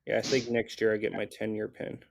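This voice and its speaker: A man's voice: lowish voice, monotone, a little fast, gravelly. A young man, a scuba instructor and interview guest, giving brief replies. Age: young adult.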